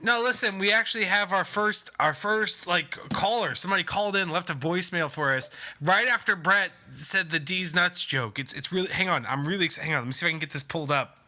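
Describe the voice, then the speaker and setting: A tipsy male podcast host who talks in an excitable, rambling way, stammering and restarting often. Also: high voice, a little fast, few pauses. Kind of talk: live podcast banter.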